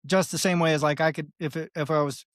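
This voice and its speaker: Pria tamu podcast yang bicara bertele-tele dan hidup. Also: male voice, fairly high pitch, fast, no echo, clean studio sound. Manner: rambling, animated, acts out voices, swears, laughs. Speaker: podcast guest. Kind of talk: casual interview talk.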